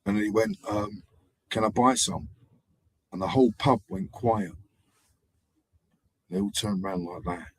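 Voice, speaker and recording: Man, low husky voice, dry close sound, rambling street-slang storytelling on a live stream. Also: measured pace, pauses often, no room sound. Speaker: livestream host. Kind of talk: casual livestream storytelling.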